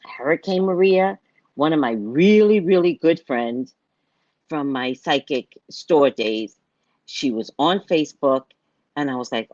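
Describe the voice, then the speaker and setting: A woman's voice: low-pitched, animated, a little slow, a little mellow, no echo, muffled recording. Blunt, cursing woman hosting a psychic show. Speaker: psychic host of a live show. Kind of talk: casual livestream monologue.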